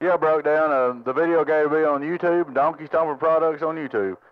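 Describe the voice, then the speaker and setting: Over loud music, a slightly high, brisk male voice trades friendly CB radio greetings and sign-offs. He's a drawling Southerner from Tennessee with a Southern American accent, heard through tinny, heavily static-laden radio audio.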